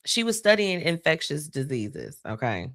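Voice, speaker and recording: A woman's voice: low-pitched, very animated, moderate pace, a bit bright, no echo, studio quality. A woman hosting a live stream, talking casually and animatedly to viewers, laughing often. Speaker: host.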